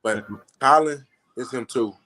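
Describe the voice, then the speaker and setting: A teenage football recruit answering interview questions politely and briefly. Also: male voice, medium pitch, unhurried, bright, forceful tone. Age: teens. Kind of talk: casual interview.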